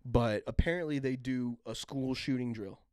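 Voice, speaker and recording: A young man co-hosting a podcast, telling stories in a casual, profane, animated way. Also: mid-range voice, moderate pace, smooth, no room sound, studio quality. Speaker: podcast co-host. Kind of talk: casual chat.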